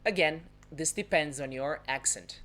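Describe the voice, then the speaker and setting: Low-voiced woman teaching pronunciation. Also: fairly bright tone. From Rio de Janeiro, Brazil. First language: Portuguese. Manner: explains patiently, demonstrating pronunciation with examples; talks fast by her own account. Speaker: Portuguese teacher. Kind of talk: live-streamed language lesson. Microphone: phone or webcam for a social media live.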